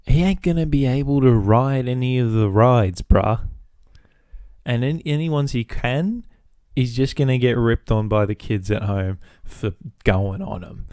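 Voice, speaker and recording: A man's voice: mid-range voice, measured pace, a little mellow, no room sound, clean studio sound. A young Australian man hosting a solo podcast, rambling casually and swearing freely. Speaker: podcast host.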